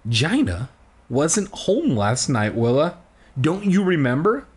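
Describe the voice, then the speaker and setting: A man's voice: fairly high pitch, sing-song, takes it slowly, breathy edge, full character voice. A man voicing a worried mother in a comedic book reading, asking anxious, raised questions. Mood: disbelieving. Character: worried mother, flustered and sharp.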